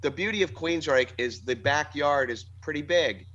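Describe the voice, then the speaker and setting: A man's voice: fairly high pitch, normal speed, a bit bright. Guy who sings in a band, rambling thoughtfully about songs, kinda dull lo-fi audio. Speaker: band singer. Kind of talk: casual interview talk. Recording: dull lo-fi sound.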